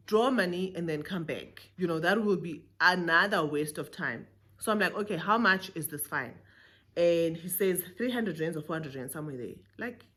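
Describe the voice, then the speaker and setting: A young South African woman with a South African accent tells a story in a lively way, mixing English with Zulu phrases. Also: on the low side. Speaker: vlogger. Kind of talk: storytime vlog.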